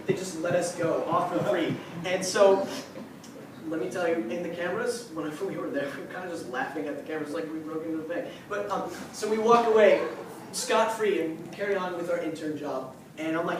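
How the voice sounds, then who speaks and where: High-voiced teenage comic in an echoey room. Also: male voice, a little fast. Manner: chatty, laughs at his own jokes. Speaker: stand-up comedian. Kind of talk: stand-up routine. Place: club stage with an audience. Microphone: mic on a stand. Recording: echoey room from far off, with background noise.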